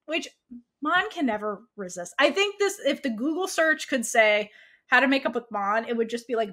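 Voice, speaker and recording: A woman's voice: a little high, animated, normal speed, fairly bright tone. A woman co-hosting a podcast, chatting casually as she recaps a series scene by scene and acts out the characters' lines, laughing often. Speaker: podcast co-host.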